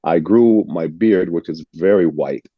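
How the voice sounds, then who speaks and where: Deep-voiced older American man telling stories. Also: no echo, highs cut off. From United States (Illinois). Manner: reflective, unhurried, repeats words as he restarts. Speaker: actor, interview guest. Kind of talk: casual storytelling interview.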